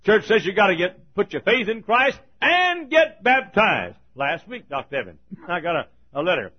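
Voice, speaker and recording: A man preaching a fiery sermon as pastor, folksy and rising to thundering shouts. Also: sits high, big pitch swings, moderate pace. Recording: lo-fi recording.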